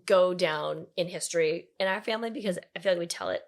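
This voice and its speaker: A woman's voice: lowish voice, fast talker. A woman hosting a podcast, talking casually and saying "like" a lot. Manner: chatty, says "like" a lot. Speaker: podcast host.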